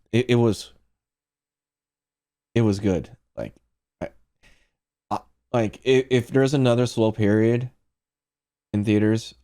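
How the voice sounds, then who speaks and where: A man's voice: sits low, mellow. A man streaming casual movie reviews, rambling and profane as he talks to his chat.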